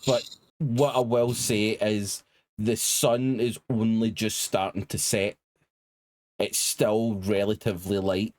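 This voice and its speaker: A man's voice: on the low side, level tone, takes it slowly, a little mellow. A man narrating as game master, laying out the situation with hesitant fillers.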